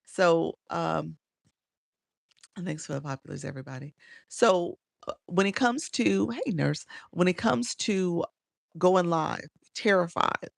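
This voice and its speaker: A woman with a Chicago accent runs a casual live-stream coaching session, laughing often and calling out viewers by name. Her voice has a gravelly, fried texture, and the sound is close and dry with no room echo. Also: lowish voice, a little slow. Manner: chatty, laughs often, reads out viewer names.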